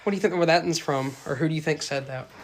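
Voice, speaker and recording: Young male podcast host, slightly high voice, rambling casual chatter. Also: fast talker, slight background noise. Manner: chatty, rambling, many fillers and quoted asides. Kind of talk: casual interview chat.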